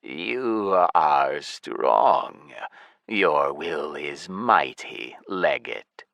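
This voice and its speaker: A man voicing a cold, emotionless male lich who speaks slowly and states everything as plain fact. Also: rumbling low, creaky, no room sound, highs cut off, pitched below the performer's own voice, heavily acted. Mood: cold flat. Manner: slow, flat, stating facts.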